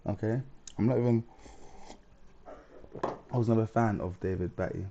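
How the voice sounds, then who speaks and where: A man's voice: lowish voice, fairly quick, pauses often, dark tone, highs cut off. A man hosting a live stream, chatting casually and reading out viewer comments in a rambling way.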